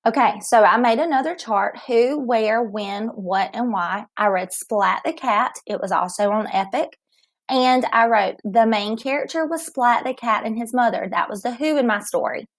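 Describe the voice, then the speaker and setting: A woman teacher giving a recorded reading lesson to young children, speaking slowly and clearly and sounding encouraging. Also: fairly high pitch.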